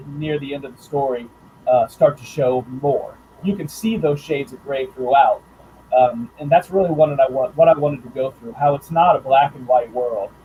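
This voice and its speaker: A man who writes and draws comics, talking about his work in a casual interview, thoughtful and halting with fillers and restarts. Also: medium pitch, dark tone, a little hiss or hum, poor audio. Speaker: comics writer and artist guest.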